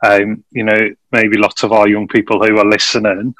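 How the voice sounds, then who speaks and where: A man hosting a casual interview, asking questions in a relaxed, conversational way with restarts. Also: fairly low pitch, normal speed, no room sound. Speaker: host.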